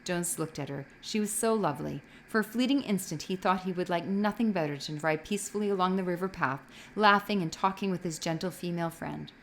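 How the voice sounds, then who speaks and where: A woman's voice: on the low side, fast talker, few pauses, a little hiss or hum. A woman reading a novel aloud expressively, with occasional slips that she corrects as she goes. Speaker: reader.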